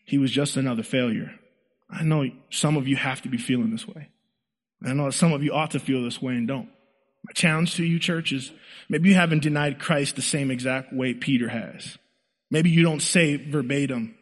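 Animated male preacher in a reverberant hall. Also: on the high side, normal speed. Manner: animated storytelling, acting out quoted lines. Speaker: pastor. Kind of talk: sermon.

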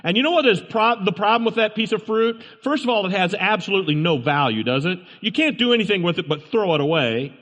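Pastor with a high-pitched voice, preaching emphatically from the pulpit; repetitive, questioning delivery. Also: male voice, animated, quick pace, hardly any pauses, fairly bright tone. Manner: emphatic, repeats lines and asks rhetorical questions. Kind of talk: sermon. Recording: long reverb from a large room.

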